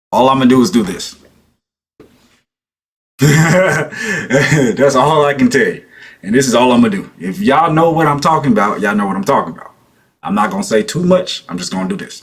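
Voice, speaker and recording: A man's voice: mid-range voice, a bit bright, husky. A man hosting a reaction video, chatting casually and mimicking the people he watches.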